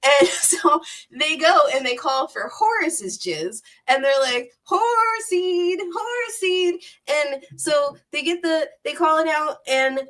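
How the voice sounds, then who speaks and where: A woman with a high voice rambles through a myth retelling, peppering it with 'like', curses and laughter. She sounds like a casual comedy podcast host having fun with the story. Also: a little slow, a bit bright, recorded from a distance. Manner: profane, rambling, laughs often, heavy use of 'like'.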